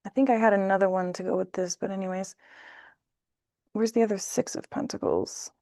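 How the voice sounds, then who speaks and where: A woman talks through a tarot spread in a loose, chatty way, jumping into playful little voices as she goes. Her pitch sits in the middle for a woman. The sound is close and dry, with almost no room in it. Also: steady tone, brisk, warm tone, dry recording. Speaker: tarot reader. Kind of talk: casual tarot reading to camera.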